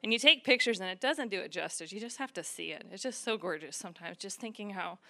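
A woman's voice: mid-range voice, bright, forceful tone. A woman giving a casual church devotional, reading scripture aloud with rising intensity. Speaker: church speaker.

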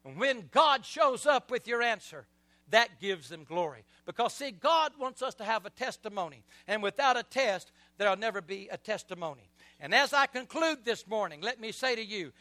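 A middle-aged male preacher with a strikingly high, bright, forceful voice. He delivers an impassioned sermon, dropping soft and then surging loud, and leads the congregation in call-and-response. The sound is dry and close, with no room echo. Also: animated, moderate pace. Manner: swings between soft passages and loud surges. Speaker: pastor.

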